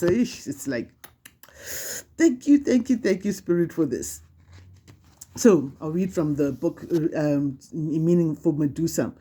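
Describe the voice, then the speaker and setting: A woman with a dark, mellow tone reads spiritual tarot cards for her viewers. She talks conversationally and with emphasis, restarting phrases and repeating her points. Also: deep voice, breathy edge. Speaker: tarot card reader. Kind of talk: spiritual card reading to camera.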